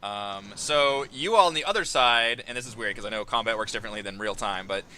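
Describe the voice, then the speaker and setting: A man narrating a tabletop game as dungeon master, animated, jumping into high yelping voices for guards. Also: brisk, a little hiss or hum.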